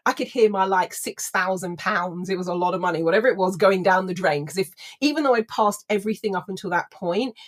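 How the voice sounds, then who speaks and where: Woman trainer, animated storyteller, mid-pitched, plays out the voices in her tale. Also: fast, hardly any pauses. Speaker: personal development trainer. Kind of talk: storytelling anecdote to an audience.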